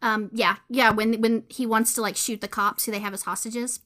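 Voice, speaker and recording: A woman's voice: a little high, little pitch movement, normal speed, pushed and bright. A woman with a Southern US accent, co-hosting a casual movie podcast in a rambling, gushing, giggly way. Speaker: podcast co-host.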